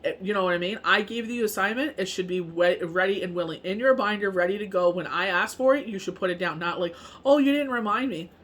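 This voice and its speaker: A woman's voice: lowish voice, quick pace, few pauses, a bit bright. A woman who reads tarot, talking in a casual, rambling monologue full of fillers. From Canada. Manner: rambling, heavy on fillers like "you know what I mean". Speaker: tarot reader and medium.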